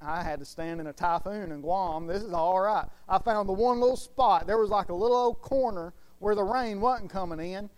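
A preacher with a fairly high voice for a man, talking in a folksy, drawling way. He tells stories with plenty of animation. He sounds like he is chatting with his flock more than orating. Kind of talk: informal sermon.

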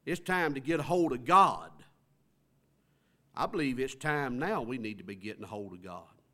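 A man's voice: mid-range voice, animated, moderate pace, bright, forceful tone. A male pastor, preaching a sermon in a church with rhetorical questions and rising emphasis. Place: church sanctuary.

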